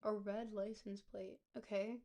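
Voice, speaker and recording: A woman streamer, hoarse and gravelly from a cold, chatting casually with her viewers and thinking aloud over a game. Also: mid-range voice, little pitch movement, a little slow, warm tone. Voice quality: gravelly, smoker-like. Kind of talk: casual live-stream gameplay commentary. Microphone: close desk mic.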